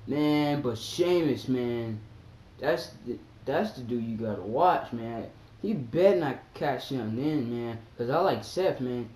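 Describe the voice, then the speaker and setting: A young man chatting casually about wrestling on his vlog, excitable and acting out his reactions with sudden high yelps. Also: takes it slowly. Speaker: vlogger. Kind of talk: casual wrestling chat to camera. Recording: echoey room with faint background hum.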